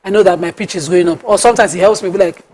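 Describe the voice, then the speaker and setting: A woman's voice: fairly low pitch, rapid-fire, slightly rough. A Nigerian woman co-hosting a TV talk show, telling stories in casual chat with lots of laughter. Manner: animated, laughing storyteller. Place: TV studio.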